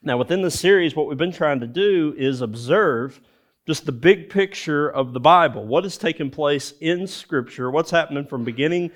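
A man's voice: on the high side, moderate pace. Conversational male pastor preaching. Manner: conversational, with frequent filler "uh" and rhetorical questions. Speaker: lead pastor. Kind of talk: sermon.

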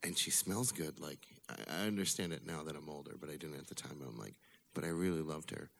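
Storyteller: man, low voice with a creaky grit, casual and wry, swears freely, live bar story night. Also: brisk. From Illinois. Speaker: storyteller at a bar open mic.

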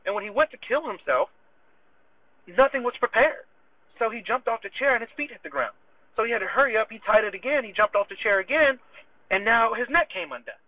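A man, an army warrant officer, hosting his show and telling a story casually, acting out the back-and-forth dialogue with lively energy. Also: sits high, a little fast, no echo. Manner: animated retelling full of quoted back-and-forth dialogue. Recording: tinny phone-like dry sound.

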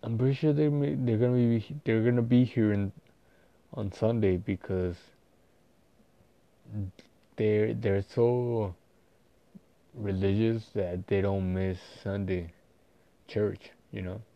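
A man talking casually in a personal vlog, rambling and halting with many fillers and restarts. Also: on the low side, steady tone, no echo, lo-fi sound. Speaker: vlogger.

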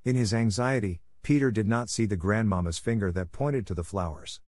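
A man narrating a classic novel as a steady audiobook reading for English learners, sometimes reading punctuation marks aloud. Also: lowish voice, brisk, no echo.

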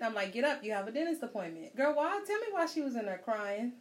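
A woman and mother talking with friends, telling stories with animated delivery and calling them girl. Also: on the high side, fast talker, few pauses. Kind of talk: casual chat among friends.

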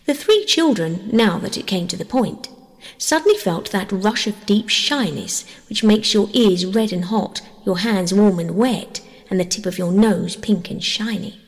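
A woman narrating a bedtime story audiobook in a gentle, measured way. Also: mid-range voice, lively intonation. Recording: long hall reverb.

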